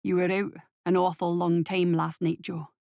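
A blunt, wary Scotsman speaks in a lowered voice with a Scottish accent, as a woman puts him on. He talks plainly and carefully in this audio story. The sound is close and dry. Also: level tone, normal speed, creaky, warm tone, no room sound. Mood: suspicious. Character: Scottish man, gruff suspicious partner.

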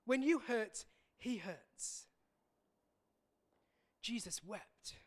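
A man preaching a sermon as a pastor, earnest and reflective, pausing often and repeating words as he speaks. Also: extremely high pitch, expressive.

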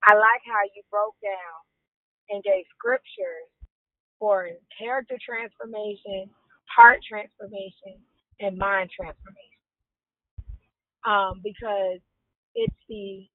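A woman's voice: mid-range voice, slow, pauses often, no room sound. A woman calling in from the road over her phone, speaking with enthusiasm and repeating words. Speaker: caller. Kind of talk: casual phone call. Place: in a moving vehicle. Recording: tinny phone line.

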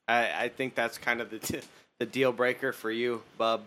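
A man's voice: mid-range voice, little pitch movement, moderate pace, fairly bright tone. A man co-hosting a podcast, blunt and teasing in casual banter. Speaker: podcast co-host.

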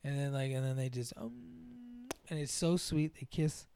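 A man's voice: medium pitch, fairly even intonation, fairly quick, mellow, clean tone, no room sound. A man in casual chat recapping a film's plot, rambling with lots of fillers and acting out the characters' lines.

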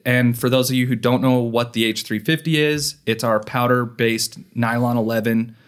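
A man's voice: medium pitch, fairly even intonation, moderate pace. A man co-hosting a podcast in casual chat, joking and explaining with many fillers. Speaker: podcast co-host.

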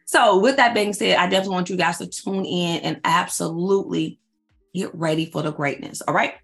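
A woman in her forties, a faith-based life coach, chatting casually and excitedly to her followers, repeating herself for emphasis and calling them y'all. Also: on the low side, fairly quick, vocal fry, soft background music. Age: 40s. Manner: slangy, addresses audience as y'all. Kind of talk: casual announcement chat to followers.

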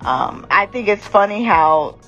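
A woman's voice: medium pitch, animated, a little slow, fairly bright tone. A woman giving a candid, casual commentary on a reality show, blunt and rambling with lots of fillers. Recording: dull lo-fi audio with faint music.

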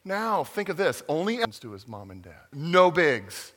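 Playful children's pastor, bright lively voice, lots of pitch swing, recorded in an echoing church hall. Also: male voice, a little slow. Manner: playful, interactive, acts out voices. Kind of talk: animated family sermon to kids and adults.

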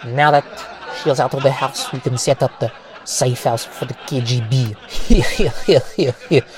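A man voicing a smug, scheming male cat spy in a mock Russian accent, sly and low, in a comedy news bit. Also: normal speed, a crowd in the background, natural voice. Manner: sly, chuckling, repeats "here" in a low voice.

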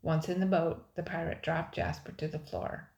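Older woman, grandmother, low voice, measured expressive storybook reading, echoey room. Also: creaky, lo-fi sound. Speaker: storybook reader. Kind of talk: children's audiobook narration. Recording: roomy echo.

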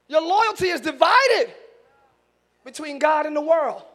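A male pastor preaching a sermon in church, moving from loud shouted lines to quick casual asides. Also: very high voice, expressive.

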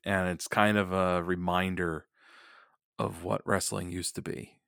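A man's voice: deep voice, flat delivery, a little slow, vocal fry, a bit bright, no echo, studio quality. A man co-hosting a casual podcast chat, making wry asides and laughing often. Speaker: podcast co-host.

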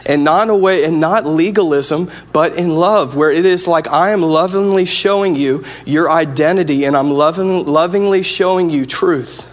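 A man's voice: on the high side, normal speed, few pauses. A man preaching a sermon as pastor, earnest and conversational, often restarting his sentences.

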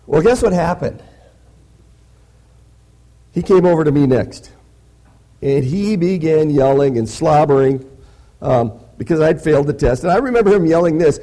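A man's voice: a little high, normal speed, pauses often, dark tone. A man preaching a sermon in a conversational way, often checking in with "right?". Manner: conversational, peppers lines with "right?". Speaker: pastor.

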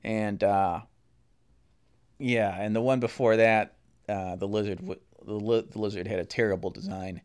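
A man's voice: fairly low pitch, steady tone, normal speed, a little mellow, smooth. A man hosting a solo podcast, reviewing shows and films in a rambling, casual way with many fillers and restarts. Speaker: podcast host.

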